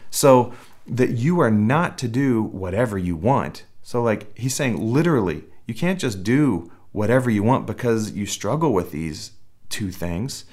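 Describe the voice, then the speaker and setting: Low-voiced man preaching conversationally. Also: darkish tone. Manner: conversational preaching with restarts and acted quotes. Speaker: pastor. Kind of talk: sermon.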